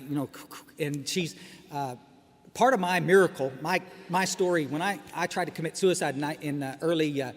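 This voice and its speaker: Here a middle-aged man, fairly high-pitched and fairly quick, shares a humorous personal talk at a recovery meeting. His delivery is wry and jokey, broken by restarted sentences and remarks to the crowd, and the echoey hall adds faint background noise.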